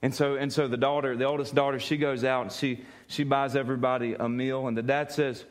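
A man preaching a sermon, telling a story in an animated way, often laughing and repeating words as he goes. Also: medium pitch, fast, few pauses. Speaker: pastor.

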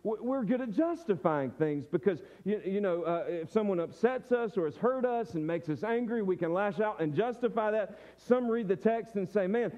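A man's voice: high-pitched, lively intonation, moderate pace, few pauses, mellow, dull audio. A man preaching a sermon from the pulpit, earnest, repeating phrases and restarting his sentences. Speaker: pastor.

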